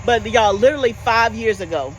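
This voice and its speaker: Woman, 40s, homestead vlog host, relaxed animated chatter, calls viewers y'all. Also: a little high, a little fast, muffled recording, a little hiss or hum. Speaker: homestead gardening channel host. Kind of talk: casual chat.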